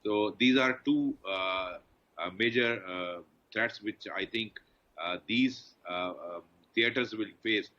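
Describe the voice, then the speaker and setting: A man commenting on security on a TV panel, deliberate and hesitant with many pauses. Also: on the low side, sharp tone. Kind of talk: TV panel debate. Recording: dull lo-fi remote link.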